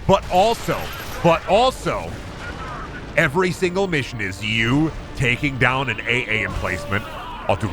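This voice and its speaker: A man streaming a game, riffing in jokey, profane rambles as casual commentary. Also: on the low side. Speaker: gaming streamer.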